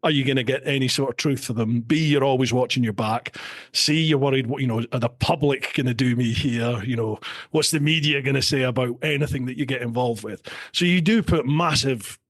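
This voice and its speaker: A man's voice: medium pitch, fairly quick. A middle-aged Scottish man hosting a podcast, telling stories with animation and speaking in an earnest, encouraging way. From Scotland. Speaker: podcast host. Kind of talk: conversational interview.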